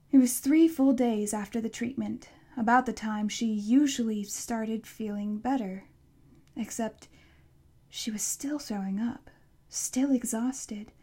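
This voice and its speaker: A woman reads a novel aloud in a fairly high voice. She keeps her narration hushed and slips into a whisper in the tense passages. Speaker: audiobook narrator. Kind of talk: scripted audiobook narration.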